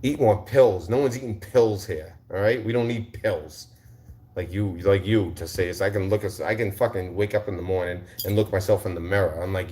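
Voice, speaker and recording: A man's voice: sits low, moderate pace, darkish tone. A man hosting a livestream, confrontationally ranting at viewers in the chat, repeating rhetorical questions and swearing. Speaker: livestream host. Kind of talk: heated livestream rant.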